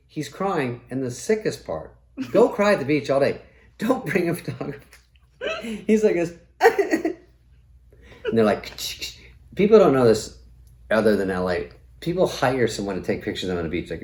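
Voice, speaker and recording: A man's voice: fairly low pitch, darkish tone. A middle-aged man hosting a comedy show and delivering a profane, sardonic monologue. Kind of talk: comic monologue. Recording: roomy echo.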